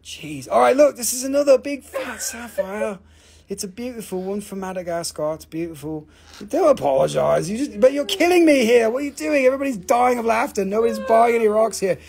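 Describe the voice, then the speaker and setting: A man's voice: very high-pitched, lively intonation, a little fast, creaky, darkish tone, husky. A man hosting a live stream that sells rocks, chatting in a profane, rambling way and laughing often. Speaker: host of a live rock sale. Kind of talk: live-stream sales chat.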